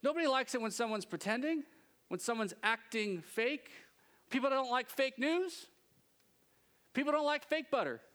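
A man preaching a sermon from a church stage, talking in a lively, joking, conversational way. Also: very high voice, moderate pace. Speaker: pastor.

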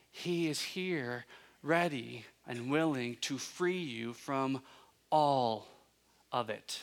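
A man preaching a sermon, asking his listeners questions and building to emphatic peaks, with relaxed conversational asides. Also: mid-range voice, slow, vocal fry, long pauses. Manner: conversational asides, self-correcting. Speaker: pastor.

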